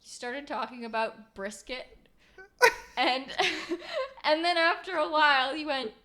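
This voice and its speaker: A woman's voice: sits high, sing-song, unhurried, bright, forceful tone. A woman co-hosting a podcast in teasing, laughing casual chat. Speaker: podcast co-host.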